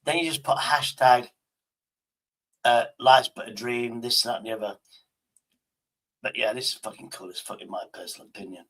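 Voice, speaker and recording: A man's voice: medium pitch, normal speed, pauses often, fairly bright tone. A man livestreaming in casual chat, rambling to himself and swearing constantly.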